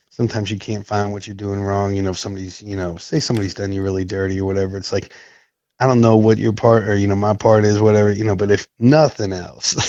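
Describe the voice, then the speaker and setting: A man from Nashville, Tennessee tells his recovery story on a podcast, rambling and packed with fillers. He clears his throat often and speaks in a lowish voice. The recording sounds dry and a little dull. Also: darkish tone, no room sound. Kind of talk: casual storytelling chat.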